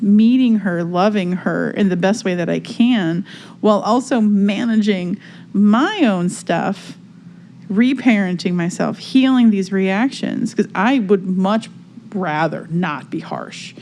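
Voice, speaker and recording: A woman's voice: mid-range voice, slow, a little mellow, slight background noise. A woman co-hosting a casual spiritual podcast chat, talking reflectively and searching for words with many fillers. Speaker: podcast co-host.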